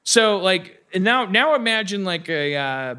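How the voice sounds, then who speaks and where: A man with a bright, fairly high voice tells a story on a live stage, stammering and restarting as he goes. He rambles and breaks into acted voices. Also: sing-song, unhurried, clear, resonant tone. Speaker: podcast host. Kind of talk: live comedy podcast storytelling. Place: live stage before an audience.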